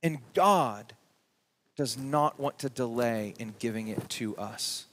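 A man preaching a sermon as pastor, with emphatic rising peaks and slow drawn-out words. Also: medium pitch, fairly bright tone, slight background noise. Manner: reads scripture and quotes aloud.

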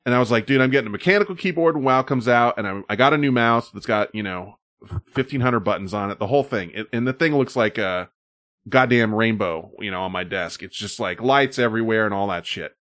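A man's voice: on the low side, fairly quick, a bit bright, dry recording, clean studio sound. A man co-hosting a stream in rambling, casual talk, swearing often, with loose asides and fillers. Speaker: stream co-host. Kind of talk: casual profane chat.

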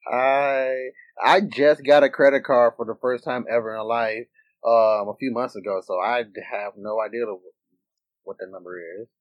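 A man who is a returning guest on a casual podcast, talking slowly and hesitantly and laughing easily. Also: medium pitch, steady tone, dry recording, muffled recording. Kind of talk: casual chat.

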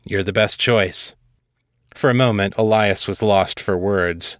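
A man with a very low voice narrates a story in a steady, even manner, reading every character's lines himself. The close mic is dry, with no room sound. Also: a little slow, no room sound. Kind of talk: scripted audiobook narration.

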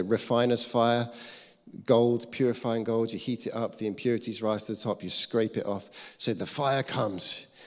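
A man preaching a sermon, telling a personal story, lively when acting out scenes and soft when quoting. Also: fairly low pitch. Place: church hall. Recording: long reverb of a church hall.

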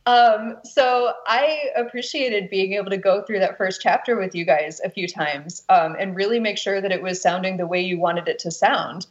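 A woman who narrates audiobooks talks in a relaxed, chatty way, with frequent fillers. Her voice sits mid-range. The audio sounds dull and muffled. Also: mid-range voice, moderate pace, hardly any pauses. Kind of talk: casual conversation.

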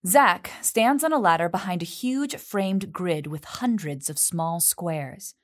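A woman reading a play's stage directions in a clear, measured, neutral manner. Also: fairly low pitch.

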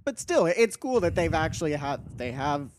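A man's voice: a little high, very animated, normal speed, slight background noise. A man co-hosting a casual gaming podcast, enthusiastic and upbeat. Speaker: podcast co-host. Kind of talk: casual chat.

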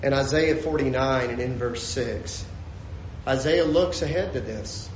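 A man preaching a sermon as pastor, animated and joking, with sudden shouts and soft low asides. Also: a little slow, slight background noise. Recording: echoey room with faint ambience.

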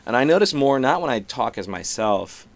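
A middle-aged man, a comedian and musician, talking casually and profanely, speeding up and slowing down and shifting loudness as he explains. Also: medium pitch, vocal fry. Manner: animated, shifts pace and loudness to illustrate rhythm; profane, conversational. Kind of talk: casual podcast conversation.

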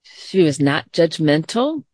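A middle-aged woman leads a children's mindfulness lesson, talking to the kids in a gentle, patient way. She speaks slowly with a slightly low voice. The sound is close and dry, with no room echo. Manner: calm, gentle, talks straight to children. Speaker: teacher.

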